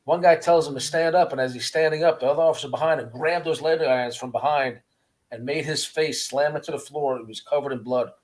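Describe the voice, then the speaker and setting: A man, a former prisoner, telling his story in a casual interview with an earnest, halting manner, often repeating words. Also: fairly high pitch. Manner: earnest, repeats words, acts out guards' voices.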